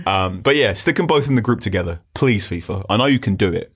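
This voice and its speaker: Male panelist, low register, animated rambling talker. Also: fast talker, breathy edge. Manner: rambling, animated storytelling with restarts. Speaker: podcast panelist. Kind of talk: casual football chat.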